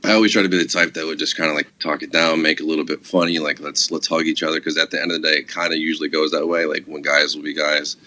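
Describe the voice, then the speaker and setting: Very deep-voiced laid-back man. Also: little pitch movement, very fast, few pauses, sharp tone. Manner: casual, profane, laid-back storytelling with many fillers. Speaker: podcast guest, actor. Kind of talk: casual chat.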